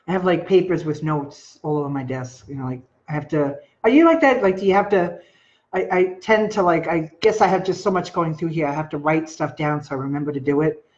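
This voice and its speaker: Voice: mid-range voice, fairly quick, muffled recording. A live-stream host with a Long Island New York accent, talking casually and rambling to viewers with lots of filler words and greeting them by name.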